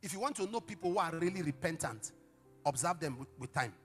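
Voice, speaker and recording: A middle-aged male pastor preaching a sermon, telling stories dramatically with sudden shouts and hushed asides. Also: fairly high pitch, expressive, fast talker, soft background music. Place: church service.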